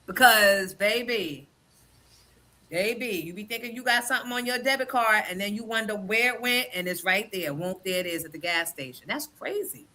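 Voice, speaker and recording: A woman hosting a casual chat show, telling stories in an animated and profane way. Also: medium pitch, normal speed. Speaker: show host.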